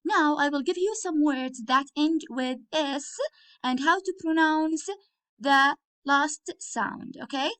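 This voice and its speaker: Woman teacher, high voice, slow and patient, spells out words. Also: a bit bright. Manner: slow, clear, repetitive, spells words letter by letter. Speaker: English teacher. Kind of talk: recorded classroom lesson.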